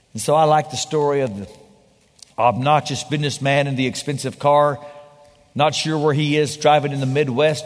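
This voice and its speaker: A man preaching a sermon as pastor, swinging between loud emphatic lines and hushed, slow ones. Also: fairly high pitch. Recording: large hall with long reverb.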